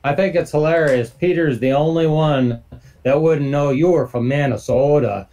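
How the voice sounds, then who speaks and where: A man's voice: fairly high pitch, normal speed, mellow. A man chatting casually on a grower panel, joking and telling stories. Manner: joking, storytelling, laid-back. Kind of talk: casual chat.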